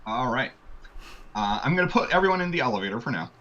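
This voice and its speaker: A man running a tabletop game as game master, relaxed and full of ums and uhs, on a muffled lo-fi recording. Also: medium pitch, fast talker. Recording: muffled lo-fi audio.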